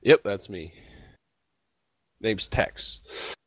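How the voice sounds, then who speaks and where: A man playing a tabletop role-playing game, relaxed and hesitant, with fillers. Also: on the low side, very slow, no echo. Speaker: player. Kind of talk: casual tabletop role-play.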